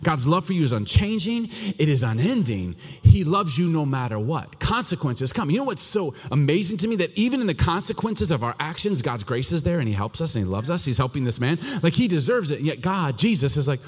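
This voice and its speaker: A man preaching a sermon to his church, joking one moment and hushed the next. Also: fairly high pitch, brisk, few pauses, breathy edge. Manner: animated, joking, swings between loud and hushed. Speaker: pastor. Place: church hall. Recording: long reverb of a large church hall.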